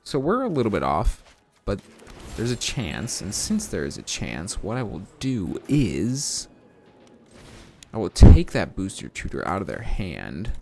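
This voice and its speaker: Animated man commentating his own gameplay. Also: low voice, measured pace, vocal fry, background noise. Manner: animated, self-mocking, talks to chat. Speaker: streamer.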